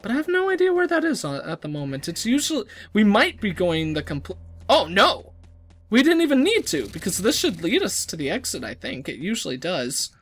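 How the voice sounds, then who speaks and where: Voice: brisk, few pauses. A let's-play gamer giving casual gameplay commentary, rambling and self-deprecating, often trailing off and restarting sentences. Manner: lively, jumpy pitch.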